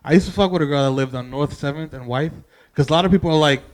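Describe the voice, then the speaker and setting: A young man telling animated, profane stories on a podcast, wandering off on tangents. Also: a little high, rapid-fire. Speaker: podcast guest. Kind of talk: casual podcast chat.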